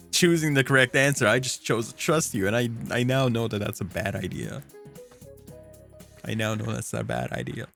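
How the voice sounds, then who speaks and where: A man streaming a game, talking casually in an animated, rambling way with restarts. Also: mid-range voice. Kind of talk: casual gameplay commentary.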